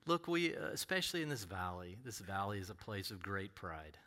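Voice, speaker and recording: A middle-aged man preaching, who tells a personal story with animated delivery and acts out other voices. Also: low-pitched, fairly quick, few pauses. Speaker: pastor.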